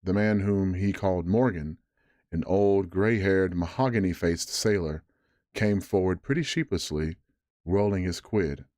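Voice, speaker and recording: A man reading a classic adventure novel aloud as a bedtime story, measured with occasional stumbles over words. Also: low voice, a little mellow, dry recording, clean studio sound.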